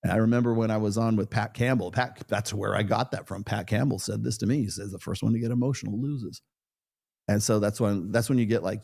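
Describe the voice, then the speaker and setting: A man's voice: lowish voice, fairly quick, vocal fry, a little mellow. A middle-aged man talking casually and with opinions, rambling with restarts and short laughs. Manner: rambling, with self-corrections and laughs. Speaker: podcast guest in a played clip.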